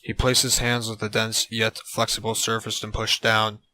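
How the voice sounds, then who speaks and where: A man narrating an absurd comedic story in a deadpan way on a close mic. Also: on the low side, normal speed, rough recording.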